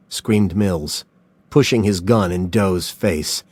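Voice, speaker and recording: A man narrating a story in a slow, scripted reading. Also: sits low, expressive, darkish tone, no room sound.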